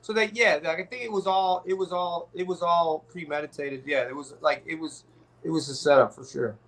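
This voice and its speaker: A man's voice: on the high side, fairly even intonation, fairly quick, fairly bright tone. A man telling a long story in casual podcast chat, rambling with restarts and swearing. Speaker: guest rapper telling a story.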